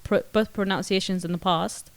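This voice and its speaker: A woman's voice: mid-range voice, fairly even intonation, moderate pace, dry recording. A young woman, co-hosting a casual podcast and thinking aloud with many restarts. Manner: thoughtful, hesitant, many restarts. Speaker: podcast co-host. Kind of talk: casual chat.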